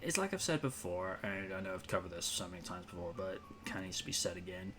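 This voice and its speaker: A man's voice: sits low, fast, background noise. A man hosting a casual talk show, chatting in an opinionated, rambling way with plenty of fillers. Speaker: podcast host. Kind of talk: casual chat.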